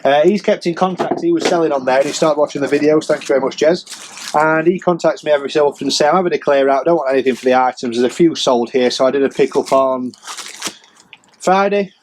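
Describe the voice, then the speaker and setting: A man's voice: on the high side, quick pace, darkish tone, slight background noise. A man giving a casual, rambling sales update as a reseller vlogger, chatty and self-mocking. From England.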